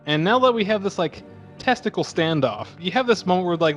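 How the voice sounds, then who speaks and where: Man, casual podcast co-host, slightly higher voice, animated, profane, storytelling. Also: fairly quick, faint music behind. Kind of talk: casual chat.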